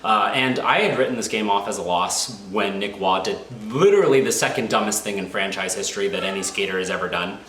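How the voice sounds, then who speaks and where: A man's voice: fairly low pitch, brisk, few pauses. Exasperated man reacting to hockey, echoey room. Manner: excitable, exasperated, rambling with restarts. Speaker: hockey fan reviewing a game. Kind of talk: casual live game reaction. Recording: echoey room, faint background noise.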